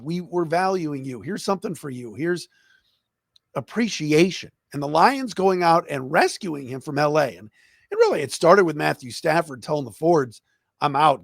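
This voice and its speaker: An enthusiastic man hosts a sports podcast with the ease of an old radio hand. His pitch sits a touch high and swoops all over. The sound is dry and close. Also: creaky, dry recording. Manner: enthusiastic, animated storytelling. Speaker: podcast host; former radio broadcaster.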